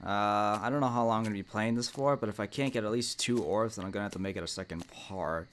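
A young gaming channel host with a lowish voice talks fast and a bit brightly while playing a horror game for a let's play, with a little hiss or hum on the recording. He's jumpy, talks back to the monster, laughs nervously, and lets out sudden yelps.

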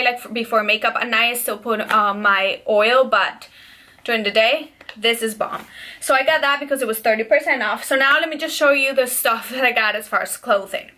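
A woman's voice: a little high, pushed and bright. A young woman, slightly out of breath, chatting casually and enthusiastically to viewers at home about products she bought. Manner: chatty and gushing, addresses viewers as "you guys". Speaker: beauty and lifestyle vlogger. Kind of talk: casual product haul chat.

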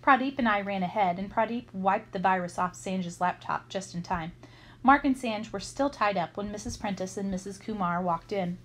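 A woman reading a children's chapter book aloud, telling the story in a lively, expressive way. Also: medium pitch, normal speed, low-quality recording. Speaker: storybook reader.

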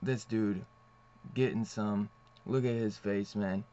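Dude ranting about a comic, cusses a lot, laughs, muffled lo-fi sound. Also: male voice, fairly low pitch, fairly even intonation, slow, mellow. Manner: loose, profane, laughs often. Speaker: comic book reviewer. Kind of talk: casual rambling comic review. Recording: dull lo-fi recording.

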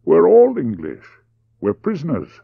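A weary young Englishwoman held as a prisoner, as a male audiobook reader puts her on speaks plainly and steadily. The delivery stays low but moves with lively swings of pitch. The sound is dry and slightly muffled. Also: normal speed, gravelly, dry recording, heavily acted. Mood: resolute.

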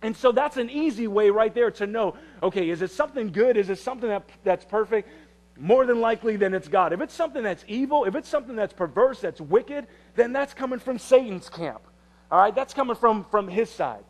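A man preaching a sermon in a conversational way, often repeating phrases and restarting, and dropping to a hush for quiet passages. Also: high-pitched, animated, fairly quick. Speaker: pastor.

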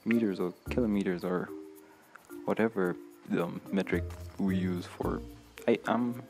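A man's voice: low-pitched, fairly even intonation, a little slow, over music. A young man commentating his own gameplay, nervous and jumpy, talking to himself with frequent gasps and laughs. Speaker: gamer streamer. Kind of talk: let's play commentary.

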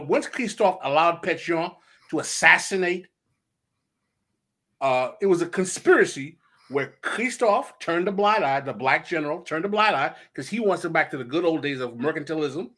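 A man, a guest author on a podcast, telling history in an animated way and acting out the quotes. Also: on the high side, moderate pace. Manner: animated storyteller who acts out quotes. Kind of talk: podcast conversation.

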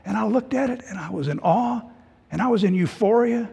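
Husky high-voiced man preaching in a church. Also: fairly quick. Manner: emotional personal testimony, swinging from loud to hushed. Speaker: pastor. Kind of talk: sermon. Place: church sanctuary. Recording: long hall reverb.

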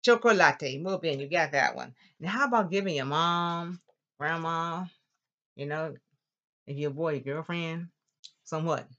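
A woman teaching a lively classroom language lesson, drawing out words slowly for the class to repeat. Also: deep voice, highs cut off. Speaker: Spanish teacher.

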